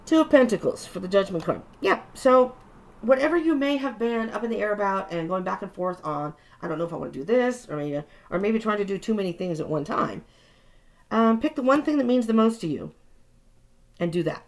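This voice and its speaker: Female tarot reader, gravelly voice, relaxed chatty reassuring delivery, casual vlog. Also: mid-range voice, fairly quick. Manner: chatty, reassuring, with frequent restarts. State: tired.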